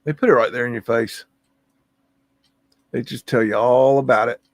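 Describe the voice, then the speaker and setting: A man's voice: medium pitch, steady tone, moderate pace, dry recording. A man hosting a livestream, musing aloud and easily amazed as he comments on photos, humming to himself between remarks. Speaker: livestream host.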